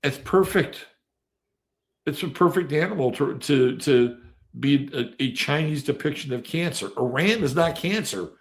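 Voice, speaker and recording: A man's voice: a little high, animated, moderate pace. A man hosting a casual live astrology stream, reading out viewers' names and chatting in a rambling way full of fillers. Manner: rambling and chatty, with many fillers and sudden jumps in loudness. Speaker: astrology show host.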